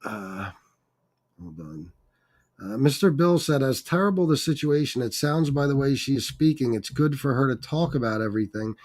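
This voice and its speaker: A man's voice: mid-range voice, animated, normal speed, a little mellow. A man hosting a casual chat with his mother, reading viewer comments aloud in a profane, hesitant way and getting choked up. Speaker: channel host.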